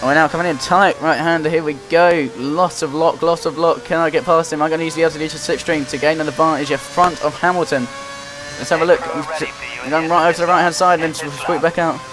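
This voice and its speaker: A young man giving running play-by-play commentary while playing a racing game, getting excited and frustrated as he drives. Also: on the high side, fast. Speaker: gaming commentator. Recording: loud game music behind the voice. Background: game music and engine noise.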